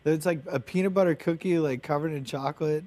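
A man's voice: fairly high pitch, fast talker, a little mellow. A man, a baker, chatting as an interview guest, eager and full of "like" and "you know.". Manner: eager, filler-heavy, lots of "like" and "you know". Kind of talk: casual interview chat.

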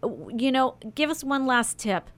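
A woman's voice: sits high, very animated, unhurried, a bit bright. A woman hosting a radio talk show, chatting upbeat with lots of fillers. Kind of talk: casual radio chat.

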